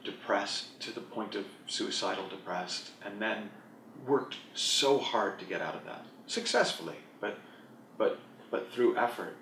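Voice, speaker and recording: A man's voice: lowish voice, measured pace, fairly bright tone, slight background noise. A man, an author and group coach, answering an interview question in a candid, reflective, self-deprecating way. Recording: roomy echo, mic at a distance.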